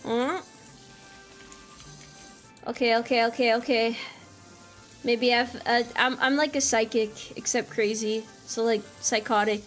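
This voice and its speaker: A woman's voice: a little high, little pitch movement, unhurried, long pauses, faint music behind. A woman streamer giving casual gameplay commentary, playful and teasing.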